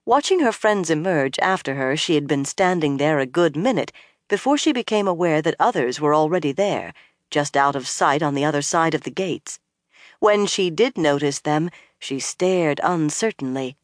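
A measured audiobook narrator with a mid-range voice, reading at an even storytelling pace. The recording is close and completely dry, with no room sound. The delivery stays steady throughout. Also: medium pitch, no echo.

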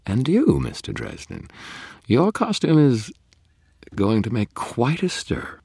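A silky, mock-polite young vampire aristocrat, as a man puts him on for an audiobook. He purrs his courtesies, with a husky grain under the raised voice, recorded close and dry. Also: medium pitch, sing-song, slow, dark tone, dry recording, pitched above the performer's own voice, full character voice. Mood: amused teasing. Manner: genteel, purring and mock-polite. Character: suave, cheerful young male vampire aristocrat. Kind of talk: audiobook character voice.

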